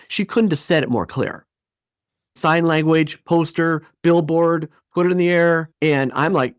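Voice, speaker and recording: A man in his fifties telling a personal story as a podcast guest, lively and acting out the voices of people he quotes. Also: on the high side, moderate pace, no echo, clean studio sound. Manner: animated, acts out quoted voices. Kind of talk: storytelling interview.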